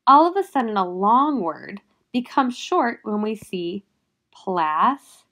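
A woman teacher giving a phonics lesson to young children, sounding out letters and syllables with patient, gentle prompting. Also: a little high, big pitch swings, unhurried.

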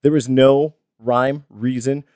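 A man with an ordinary mid-pitched voice chats casually on a podcast. He explains a drinking ritual in a flat, matter-of-fact way and swears easily. The sound is dry and close. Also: slow pace, clear, resonant tone, dry recording. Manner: laid-back, explaining things matter-of-factly with profanity. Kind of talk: casual chat.

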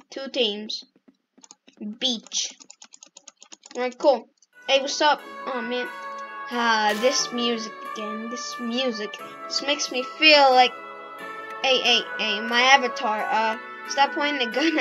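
A woman giving casual, excitable gameplay commentary and shouting at the game. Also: fairly high pitch, rough recording. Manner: excitable, yelps and shouts at the game, self-mocking. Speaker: gaming YouTuber.

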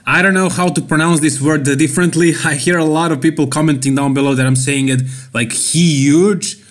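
A man's voice: a little high, steady tone, moderate pace. A man from Serbia with a Serbian accent, hosting an opinionated bodybuilding commentary vlog and repeating key words for emphasis. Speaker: bodybuilding channel host.

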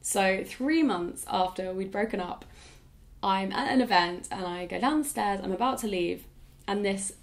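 A woman's voice: mid-range voice, unhurried. A woman in her twenties, answering viewer questions in a casual, reflective way and often saying "like". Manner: reflective, frequent "like" fillers. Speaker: YouTuber. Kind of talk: casual talking-head Q&A.

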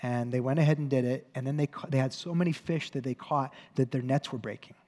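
This pastor's sermon unfolds as a conversational story full of self-corrections and dry wit, recorded in a church hall with a long, hall-like reverb. He talks fast in a mid-range, darkish voice whose intonation stays fairly even.

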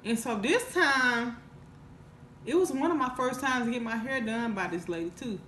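In an echoey room with a touch of hiss or hum, a woman who does mukbang videos tells a casual story at normal speed. Her voice is a little high and fairly bright with lively intonation, and she rambles earnestly and emotionally, restarting and using fillers a lot.

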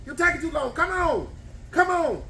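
A man loudly cheering on an eating challenge in a restaurant, whooping and repeating himself. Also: very high-pitched, normal speed, creaky, distant mic. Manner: excited, repetitive hollering and whooping. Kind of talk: loud cheering commentary. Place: bar and grill dining room. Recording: echoey restaurant room.

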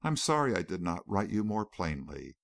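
A steady young war veteran speaks gently and earnestly in a storybook reading, as a male narrator puts him on. His voice sits fairly low but moves with lively inflection. The recording is dry and close. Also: moderate pace, gravelly, no echo, full character voice.

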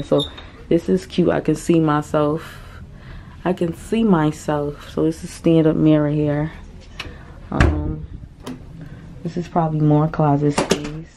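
A woman travel vlogger chatting excitedly to camera in a cruise ship cabin, repeating herself often. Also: sits low, a little hiss or hum. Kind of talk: casual chat to camera.

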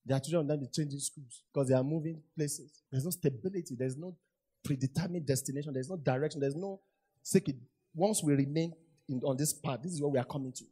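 Male pastor, high voice, emphatic, repetitive, sermon. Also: quick pace, mellow, breathy edge. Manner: repetitive, emphatic preaching with rhetorical questions.

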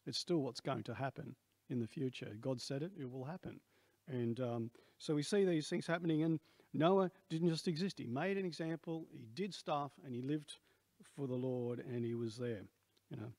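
A man's voice: mid-range voice, normal speed, gravelly, darkish tone, no echo. A man in his sixties with an Australian accent, preaching a sermon in a rambling, conversational way with many asides. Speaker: pastor.

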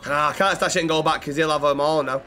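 A man streaming a role-play game, swearing constantly and rattling off quick thanks to viewers. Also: a little high, fairly even intonation, bright, forceful tone, slight background noise. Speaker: livestreamer. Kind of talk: live gameplay commentary and role-play.

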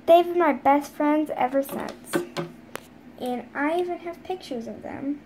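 A woman's voice: high-pitched, noisy background. A woman voicing a chatty young female dog pet who rambles to herself in a home-made toy pet play. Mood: musing. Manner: rambling, fast asides to herself.

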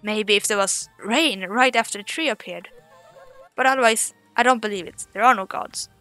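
A woman reading the lines of a skeptical village man in a game, flat and doubtful. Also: fairly high pitch, moderate pace, soft background music.

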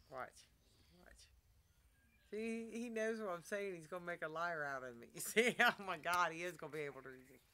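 A woman's voice: lowish voice, animated, moderate pace, pushed and bright, a little hiss or hum. A middle-aged woman casually vlogging at home, chatting and coaxing her pet monkeys.

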